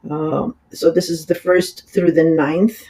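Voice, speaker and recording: Astrologer, raspy from a cold, casual and rambling, apologetic, plenty of fillers. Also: medium pitch, steady tone, slow pace, mellow, low-quality recording. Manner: rambling, with many fillers and restarts. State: has a cold. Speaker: astrologer giving horoscopes. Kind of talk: casual horoscope reading.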